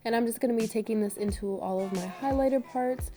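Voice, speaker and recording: A woman's voice: on the high side, brisk, warm tone, faint music behind. A young woman vlogger narrating a makeup tutorial in an upbeat, chatty way, her voice a little harsh from being sick. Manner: chatty, upbeat, addresses viewers as beauties and girl. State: getting over an illness, voice a bit harsh. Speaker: beauty vlogger.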